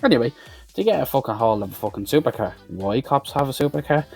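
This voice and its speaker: A man's voice: medium pitch, very animated, fast talker, vocal fry, darkish tone, breathy edge, faint music behind. Sweary man ranting a movie recap. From Ireland. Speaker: film reviewer. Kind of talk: profane comic movie recap.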